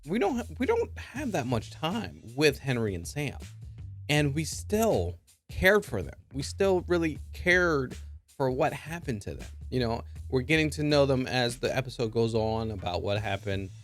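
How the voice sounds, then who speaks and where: A man casually recapping a TV episode in an excitable way, full of filler words. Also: medium pitch. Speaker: show reviewer.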